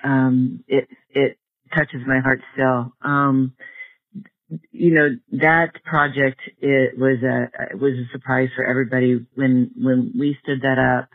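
A man being interviewed, telling a story in a halting way with many restarts and repeated words. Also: medium pitch, little pitch movement. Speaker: guest, project organizer. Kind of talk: storytelling in conversation. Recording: narrow phone-like line.

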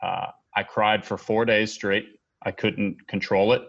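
Man, 30s, veteran telling his story; low voice, halting and earnest, dull lo-fi recording. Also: little pitch movement, creaky, fairly bright tone. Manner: earnest, halting, with many restarts and pauses. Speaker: military veteran speaker. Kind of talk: personal testimony to an audience.

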